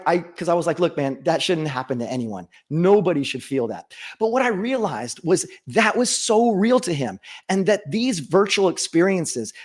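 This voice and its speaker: A middle-aged man giving a conference talk with a personal story, earnest and full of restarts and fillers, into a stage microphone. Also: sits high. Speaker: conference speaker.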